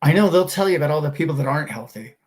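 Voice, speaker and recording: A middle-aged man with a slightly high voice hosts a finance show. He talks in a casual, motivational way and fires off one rhetorical question after another. He sounds enthusiastic and a little preachy. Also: animated, racing. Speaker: host of a finance and crypto show.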